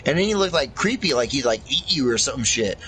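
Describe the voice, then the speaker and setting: A man's voice: medium pitch, expressive, normal speed, fairly bright tone, a little hiss or hum, low-quality recording. A young man in crude, rambling casual chat, swearing a lot and laughing often.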